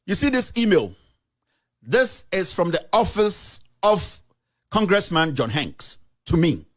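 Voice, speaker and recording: A man talks straight to his audience in emphatic commentary, his fairly high voice rising and falling widely. He repeats his points for force and slips local phrases in between the English. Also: sing-song, takes it slowly. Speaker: journalist and show host.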